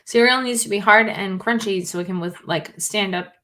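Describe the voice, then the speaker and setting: A woman's voice: medium pitch, normal speed, pushed and bright. A woman co-hosting a casual podcast, blunt and playful, telling a joke. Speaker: podcast co-host.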